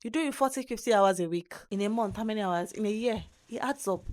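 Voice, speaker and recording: A young adult woman from Nigeria with a Nigerian accent, giving animated, emphatic advice in a casual vlog monologue. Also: medium pitch, quick pace. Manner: animated, emphatic, repeats words for stress. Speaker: vlogger.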